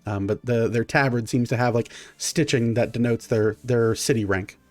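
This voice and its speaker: A man's voice: mid-range voice, fairly even intonation, darkish tone, faint music behind. Man game master narrating, full of fillers. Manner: halting, many fillers and restarts.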